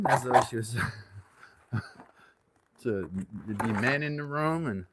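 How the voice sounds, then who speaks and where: Brief: laid-back male workshop host chatting with jokes, loud scraping and clicking noise close by. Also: medium pitch, a little slow. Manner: rambling, joking asides. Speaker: channel host. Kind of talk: casual workshop livestream chat.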